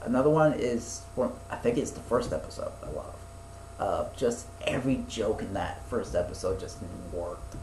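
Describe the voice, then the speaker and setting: A man's voice: medium pitch, lively intonation, normal speed, darkish tone, echoey room, slight background noise, low-quality recording. A young man chatting casually as a podcast co-host, rambling with lots of fillers, restarts and swearing. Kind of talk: casual chat.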